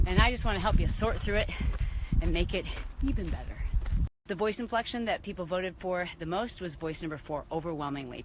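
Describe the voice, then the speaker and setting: Energetic woman vlogging over noise. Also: lowish voice. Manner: energetic, emphatic, coaching. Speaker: vlog host and business coach. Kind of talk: casual motivational vlog talk.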